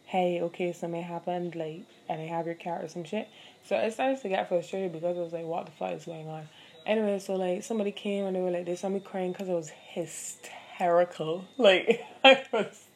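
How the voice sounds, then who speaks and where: On her solo podcast, a young adult woman with a lowish voice shares a story casually, swearing freely and using lots of fillers in a candid, chatty way. A little hiss or hum sits under the recording.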